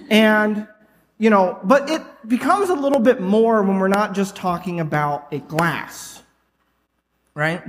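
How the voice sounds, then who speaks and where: A man preaching a sermon to his congregation in a loose, conversational way. He fills his talk with "like" and "right?". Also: high voice. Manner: casual, rambling, full of "like" and "right?". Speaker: pastor. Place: church hall with a congregation. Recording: long reverb of a church hall.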